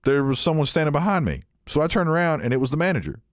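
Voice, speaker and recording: A man on a podcast telling a story in casual chat, animated and acting out the people in it. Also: fairly high pitch, very fast, no room sound, clean studio sound. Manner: animated, acts out quoted people in shifting voices. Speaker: podcast co-host.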